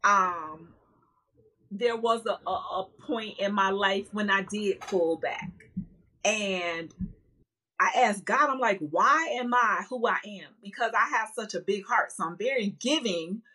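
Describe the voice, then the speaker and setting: A woman's voice: mid-range voice, sharp tone, breathy edge, poor audio. A woman guest on an interview podcast, speaking candidly and emphatically about her life, with frequent laughter. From northern United States. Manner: emphatic, outspoken, laughs often.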